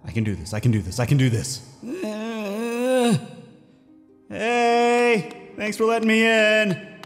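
A man's voice: sits high, sing-song, a little slow, fairly bright tone, full character voice. A man voicing a sarcastic, nervous little male bug knight in a comedy fan-parody, bouncing between bravado and panic. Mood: wisecracking. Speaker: voice actor and channel host. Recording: music bed under the voice.

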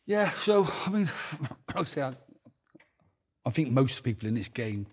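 Bristol man, podcast guest, husky voice, swears freely while acting out his stories. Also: mid-range voice, big pitch swings, measured pace. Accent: Bristol English. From England. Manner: swears heavily, acts out dialogue, laughs while telling stories. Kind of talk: casual storytelling.

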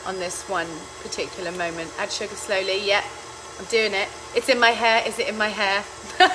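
Her voice is medium in pitch, bright and forceful, and she speaks fairly quickly with a slight hiss or hum in the recording. She's a home cooking vlogger casually chatting to live viewers, giggling, swearing freely, and being chaotic as she talks through a recipe in her kitchen.

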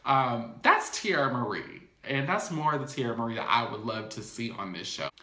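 A man's voice: medium pitch, expressive, moderate pace, pushed and bright, reverberant. A man recapping a TV episode in a casual, gossipy way, with playful asides to his viewers. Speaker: YouTube recap host.

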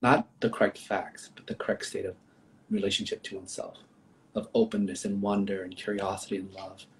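A man speaking as a psychologist, thoughtful and gentle, explaining ideas over a video call with pauses. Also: lowish voice, little pitch movement, a little hiss or hum, rough recording. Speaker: psychologist, trauma therapist. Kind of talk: reflective conversational explaining. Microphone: livestream video call.

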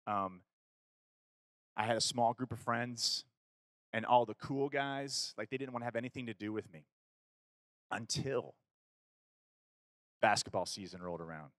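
A man from Kentucky, USA, tells a personal story to a youth audience in a casual way, acting out dialogue and using fillers and self-corrections. His voice is on the low side and a little slow, with long pauses and no room sound.

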